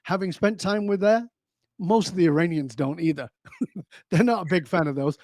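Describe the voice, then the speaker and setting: A man's voice: high-pitched, normal speed, a little mellow, no room sound. Emphatic man telling stories, dry sound. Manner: emphatic storyteller, rhetorical questions. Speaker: guest, leadership speaker. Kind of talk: conversational interview.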